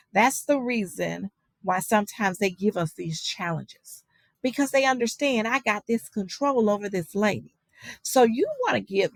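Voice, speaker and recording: A woman gives a virtual lesson for teachers in a fairly high voice. She talks loosely and conversationally, with frequent fillers, and checks in with "okay?". The sound is dry, with no room echo. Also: fairly bright tone. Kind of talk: virtual lecture on child guidance.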